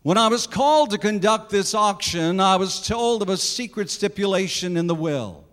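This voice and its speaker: A man's voice: high-pitched, expressive, moderate pace, fairly bright tone, long reverb tail. A man voicing a persistent male auctioneer, insistently calling for bids. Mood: solemn.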